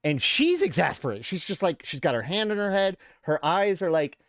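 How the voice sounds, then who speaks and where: A male host in a casual, animated rant, his voice sitting a little high. He tells the story to his viewers and acts out what others said to him. The sound is dry and close. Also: moderate pace, dry recording. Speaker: show host. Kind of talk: casual rant to a live audience.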